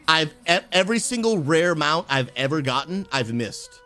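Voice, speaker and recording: A man, a pastor who streams games, chatting live with his viewers and calling them bro, bursting into shouts and laughter. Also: fairly high pitch, animated, moderate pace, hardly any pauses, faint music behind. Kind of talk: live gaming stream chat.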